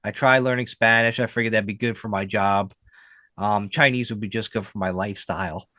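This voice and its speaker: A man co-hosting a podcast, chatting casually with many fillers and animated asides. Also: on the low side, brisk, dry recording. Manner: rambling, lots of fillers, animated storytelling. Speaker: podcast co-host. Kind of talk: casual chat.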